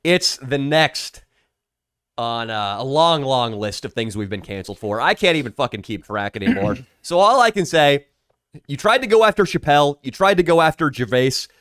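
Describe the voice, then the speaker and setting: A man's voice: mid-range voice, very animated, moderate pace, fairly bright tone, clean tone, no room sound, clean studio sound. Sardonic man riffing on a podcast. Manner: sardonic, crude, mock-grand riffs. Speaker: podcast co-host. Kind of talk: casual podcast banter.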